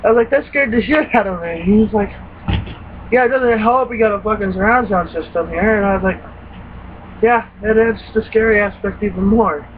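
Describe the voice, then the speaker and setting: A man's voice: high voice, fairly quick. A young man casually and profanely retelling scary game moments, acting out his own reactions. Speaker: gaming vlogger. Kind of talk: casual rambling story. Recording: tinny phone-like recording with faint hiss.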